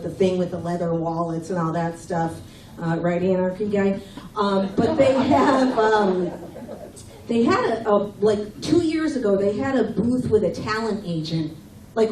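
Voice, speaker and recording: A middle-aged woman doing a stand-up comedy set, with brash, teasing banter aimed at the audience. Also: medium pitch. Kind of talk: stand-up set with crowd work. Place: comedy club stage. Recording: echoey room, mic from far off, loud crowd. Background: audience laughter.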